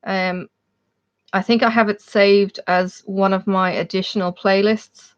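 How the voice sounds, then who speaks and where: Unhurried, with a medium pitch and fairly even intonation, this Irish livestream host chats casually from home in Australia. She laughs a lot and calls out viewers by name over dull, lo-fi stream audio.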